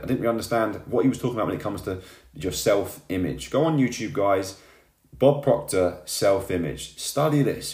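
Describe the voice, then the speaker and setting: A man's voice: lowish voice, a little mellow. A man giving a fired-up motivational talk, tagging his lines with "yeah?" and "right?". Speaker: motivational vlogger. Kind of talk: motivational monologue to camera. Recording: echoey room.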